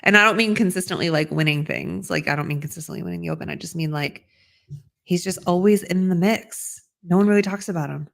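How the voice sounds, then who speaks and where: A woman's voice: fairly low pitch, quick pace, vocal fry, a bit bright. A woman co-hosting a podcast in casual chat, upbeat and chatty, with frequent fillers. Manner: upbeat and chatty, often says 'like'. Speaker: podcast co-host.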